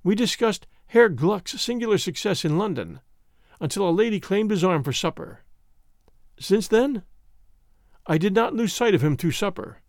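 A man voicing a cunning male spy who speaks quietly and placidly, with dry sarcasm. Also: sits high, lively intonation, normal speed, no room sound. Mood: coolly sarcastic.

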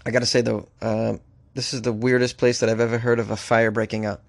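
A man's voice: mid-range voice, little pitch movement, fast, creaky. A man hosting a comedic news show, reading odd stories aloud and breaking off into wry, joking asides. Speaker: podcast host.

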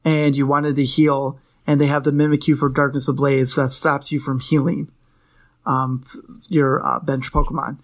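A man's voice: mid-range voice, little pitch movement, normal speed. A young adult man co-hosting a casual podcast, talking in a rambling, playful way and correcting himself often. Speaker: podcast co-host. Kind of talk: casual chat about trading cards.

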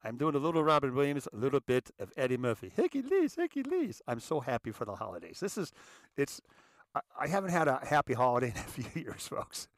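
A man's voice: medium pitch, expressive, quick pace, dry recording, clean studio sound. A man hosting his own show, talking in a loose, rambling monologue full of restarts and repeated words. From United States. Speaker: show host. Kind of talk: casual monologue.

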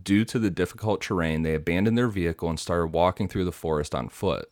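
A man's voice: sits low, fast talker, a little mellow, no room sound, clean studio sound. A man hosting a podcast, retelling a story from notes with casual asides and fillers. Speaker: podcast host telling the story.

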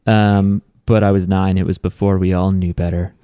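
A man with a low, mellow voice chats loosely as a podcast co-host. He rambles through stories, circling back with restarts and fillers. The sound is dry and close. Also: level tone, normal speed, smooth, no echo. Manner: rambling storyteller, lots of "like" and restarts. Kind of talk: casual chat.

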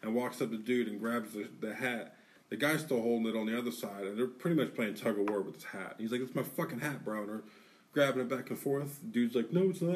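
Profane man telling a wild story. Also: mid-range voice. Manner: animated, profane, acts out quotes. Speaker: podcast co-host. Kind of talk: casual storytelling. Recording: distant mic in a studio.

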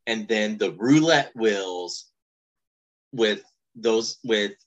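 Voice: medium pitch, lively intonation, very slow, muffled recording. A podcast co-host chatting casually about toys, with playful, jokey enthusiasm. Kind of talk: casual fan podcast chat.

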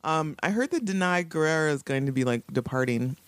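Woman, podcast co-host, playful banter with bursts of laughter, very expressive pitch. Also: fairly quick, no echo. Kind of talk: casual chat.

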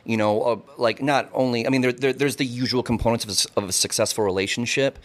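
A man's voice: medium pitch, steady tone, fast talker. Rambling, swearing man in casual chat. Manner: rambling, swears freely, repeats words.

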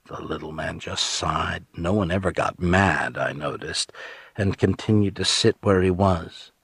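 A man narrates an audiobook in the first person with measured, steady storytelling. His deep voice moves at an unhurried pace. The close studio mic gives a dry sound with no room around it. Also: creaky, slightly rough, no echo.

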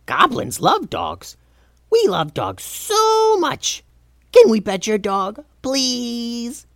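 A man voicing a friendly goblin king who talks slowly in broken, simple speech. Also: very high voice, huge pitch swings, a bit bright, dry recording, studio quality, voice pushed up, heavily acted. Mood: eager.

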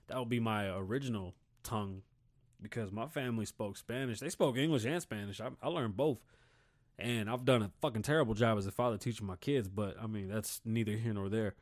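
A man in his thirties from Puerto Rico, hosting a podcast with a blunt, heated, swear-heavy rant. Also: on the low side. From Puerto Rican. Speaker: podcast host. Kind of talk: casual profane rant.

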